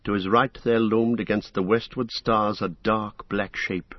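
A deep-voiced man with a husky edge narrates a fantasy tale in a measured, dramatic way. The sound is dry and close, yet dull and muffled, like a lo-fi recording. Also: fairly even intonation, dry recording. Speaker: audiobook narrator.

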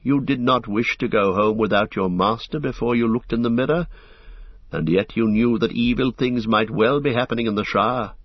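A man voicing a wise, stately elf queen who speaks in formal, measured sentences, on a dull lo-fi recording. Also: mid-range voice, no room sound, close to an everyday voice. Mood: grave.

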